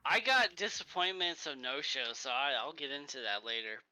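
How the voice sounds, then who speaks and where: A man's voice: a little high, big pitch swings, moderate pace, bright, forceful tone, rough recording. A man guesting on a casual chat about video games, easygoing and agreeable, hedging his opinions.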